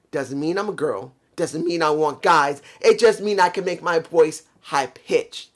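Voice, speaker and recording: A man giving a casual, opinionated review monologue. He rants bluntly, swears freely, and has a worn voice he calls messed up. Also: high-pitched. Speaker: show reviewer.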